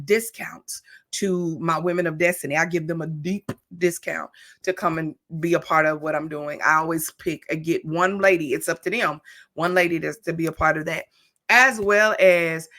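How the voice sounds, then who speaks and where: Bright-voiced woman pastor, emotional and preachy. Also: on the low side. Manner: emotional, preacherly, breaks into whispers. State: tearful. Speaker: pastor and mentor, podcast host. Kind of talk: unscripted podcast talk.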